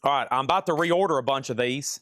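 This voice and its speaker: Chatty record seller, dry close sound. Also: male voice, medium pitch, fast talker, fairly bright tone, dry recording. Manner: chatty, jokey salesman calling out prices and buyers. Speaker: live-stream record seller. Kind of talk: live auction sales patter.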